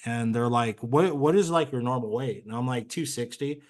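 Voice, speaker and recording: A man's voice: mid-range voice, moderate pace. A man speaking as an interview guest, telling his story in an earnest, conversational way with plenty of fillers. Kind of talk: candid personal story.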